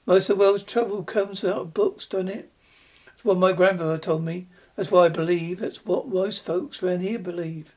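A reader voicing a frightened old male rural postmaster who warns in folksy, hushed urgency in a storybook reading. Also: medium pitch, steady tone, normal speed, lightly acted. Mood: urgent warning. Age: older. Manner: secretive rustic warning, folksy grammar.

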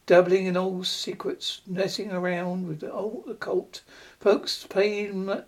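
A reader voicing a frightened old male rural postmaster who warns in folksy, hushed urgency in a storybook reading. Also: medium pitch, steady tone, measured pace. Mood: urgent warning. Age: older. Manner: secretive rustic warning, folksy grammar.

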